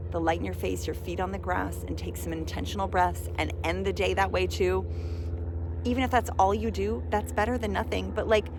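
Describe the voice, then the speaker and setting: A woman's voice: mid-range voice, a little hiss or hum. A woman coaching listeners in a casual motivational talk, earnest and often saying "like", rising to emphatic urging. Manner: earnest, says "like" often, gets emphatic and loud. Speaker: spiritual self-love coach.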